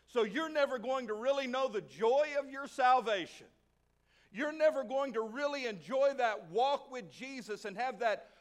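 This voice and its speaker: Emphatic high-voiced pastor. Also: male voice. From Arkansas. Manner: emphatic preaching with repetition, swings from loud to quiet. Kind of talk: sermon.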